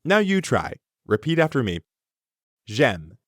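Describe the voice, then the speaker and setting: A man teaching a language lesson, pronouncing words slowly and carefully for learners. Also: mid-range voice, big pitch swings. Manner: slow, careful pronunciation for learners. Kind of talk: scripted lesson narration.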